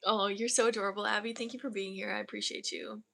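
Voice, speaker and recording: Bright-voiced woman guiding energy healing. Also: medium pitch, little pitch movement, creaky, a little hiss or hum. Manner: soft, slow guided meditation delivery; effusive, affectionate chat with viewers. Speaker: energy healer livestreaming sessions. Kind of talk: guided energy healing and casual livestream chat.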